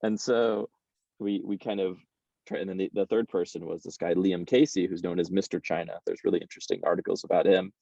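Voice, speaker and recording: Low, gravelly-voiced man telling stories. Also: fairly quick, no room sound, muffled recording. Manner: animated, repeats words when starting. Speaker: guest entrepreneur. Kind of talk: casual interview storytelling.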